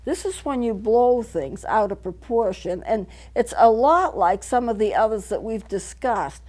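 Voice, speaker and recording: A woman's voice: a little high, lively intonation, unhurried, darkish tone. A middle-aged woman counselor hosting a local TV talk show, explaining points earnestly in a studio and repeating them for clarity. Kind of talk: teaching talk to camera.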